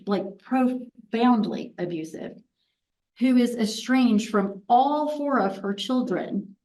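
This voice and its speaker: A woman's voice: medium pitch, mellow, recorded from a distance, low-quality recording. A woman of about sixty, a physician, gives a candid, chatty conference talk full of restarts and self-deprecating asides. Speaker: physician presenter.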